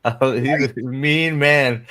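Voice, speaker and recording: A middle-aged man from California chatting casually as a streamer and podcast host, excitable and profane, rambling with many restarts. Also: medium pitch, takes it slowly. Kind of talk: casual chat.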